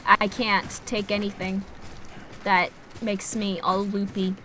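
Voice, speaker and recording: A woman's voice: mid-range voice, sharp tone, slight background noise. A woman in her twenties, a streamer, telling a story in a rambling, casual way, swearing freely and laughing at herself. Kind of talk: casual storytelling while gaming.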